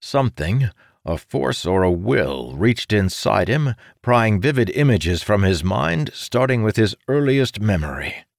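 Male audiobook narrator, low register, dry close sound, dramatic fantasy reading. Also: sing-song, a little slow, gravelly, no echo. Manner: dramatic reading, voicing characters' shouts.

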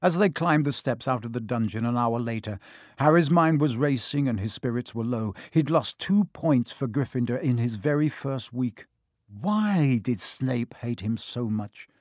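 Male audiobook narrator, mid-pitched, expressive, dry studio sound. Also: moderate pace, dry recording. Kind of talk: storybook narration.

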